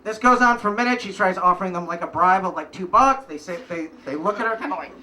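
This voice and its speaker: A man telling a wry, casual personal story at a live story slam, pausing for punchlines. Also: high-pitched, bright, forceful tone, recorded from a distance. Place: live event stage.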